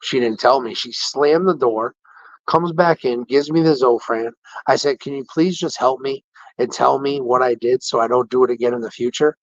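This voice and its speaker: A man casually telling an animated, indignant story about a care-facility visit, quoting the people involved. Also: mid-range voice, normal speed, no room sound. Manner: animated, indignant retelling with quoted dialogue. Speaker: podcast host. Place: patient room in a care facility. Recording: dull, dry lo-fi audio.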